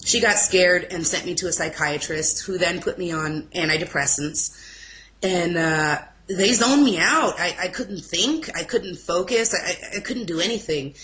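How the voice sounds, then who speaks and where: Bright-voiced young woman telling her story. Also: lowish voice, a little hiss or hum, rough recording. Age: young adult. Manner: emotional, halting, with restarts and apologies. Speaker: interview guest. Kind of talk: personal testimony in an informal interview.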